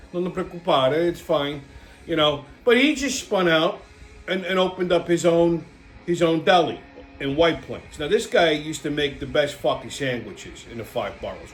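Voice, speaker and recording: A man from Brooklyn with a New York accent, rambling bluntly through a casual, profane monologue as the channel's host. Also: on the high side. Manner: rambling, blunt, heavy swearing, lots of fillers.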